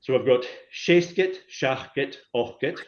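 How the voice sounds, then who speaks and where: A man teaching a relaxed one-to-one language lesson, patiently drilling words call and response and encouraging his learner. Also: mid-range voice, a little slow, dull audio.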